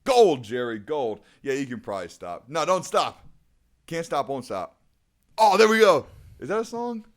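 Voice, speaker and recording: A man's voice: a little high, sing-song, moderate pace, a bit bright. A man co-hosting a podcast, rambling and joking in casual chat and laughing often. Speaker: podcast co-host.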